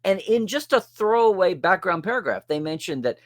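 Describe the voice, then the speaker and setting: Middle-aged male show host, lively swooping delivery, rambling and sarcastic, casual commentary. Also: high voice, fairly quick. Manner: rambling, sarcastic asides, restarts mid-sentence.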